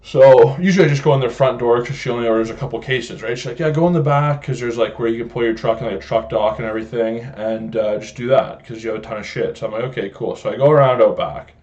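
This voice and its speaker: A man's voice: medium pitch, fast, few pauses, darkish tone. Swearing young man ranting. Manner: profane, joking storyteller, laughs often. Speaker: podcast host. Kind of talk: casual solo podcast rant. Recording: dull lo-fi home podcast audio.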